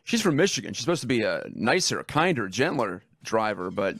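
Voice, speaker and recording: A man's voice: fairly low pitch, big pitch swings, brisk, fairly bright tone, no room sound, clean studio sound. A man hosting a radio talk show, rambling in a conversational way and laughing at himself. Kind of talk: casual radio talk monologue. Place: radio studio.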